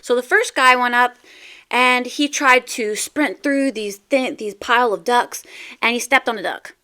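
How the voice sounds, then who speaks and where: Bright, upbeat woman podcast host. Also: fairly high pitch, a little slow. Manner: encouraging, animated storyteller. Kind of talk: upbeat motivational talk and joke-telling.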